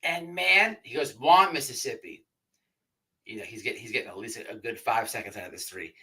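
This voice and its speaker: A man's voice: lowish voice, sing-song, fast talker, bright, forceful tone, husky, rough recording. A man telling a rambling, profanity-laced story to his livestream audience as the show's host. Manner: rambling, repeats himself, swears often. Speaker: podcast host.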